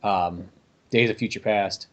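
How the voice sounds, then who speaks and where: A man's voice: lowish voice, a little slow. A man hosting a podcast in casual chat, rambling and swearing freely as he talks. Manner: animated, profane, rambling. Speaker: podcast host.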